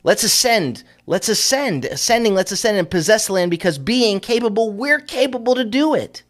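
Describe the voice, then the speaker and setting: A man's voice: high-pitched, expressive, moderate pace, voice pushed up. A man voicing Caleb, an eager biblical scout, with emphatic, repeated words in a noticeably raised voice. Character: bold, eager biblical scout urging an advance.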